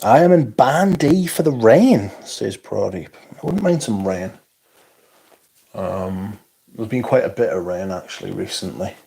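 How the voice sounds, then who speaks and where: Gravelly, warm and slightly rough, this lowish voice carries lively intonation at a slightly slow pace. The North East England livestream host is weary, rambling and self-deprecating as he chats through viewer comments, often yawning or interjecting.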